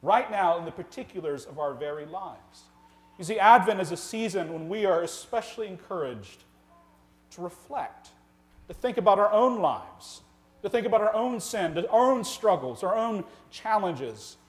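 A man preaching a sermon as the pastor of his church, earnest and full of rhetorical questions, swinging from loud emphasis to quiet, slow lines. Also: sits high, animated. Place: church sanctuary.

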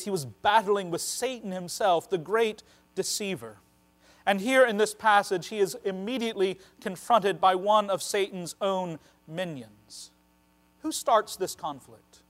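High-ish male preacher, earnest, leans hard on key words, low hum in the background. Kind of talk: sermon.

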